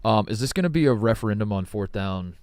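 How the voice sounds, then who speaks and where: A man's voice: lowish voice, animated, fast talker, darkish tone, clear, resonant tone, no room sound. A man co-hosting a sports podcast, chatting casually and repeating phrases for laughs. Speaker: podcast co-host.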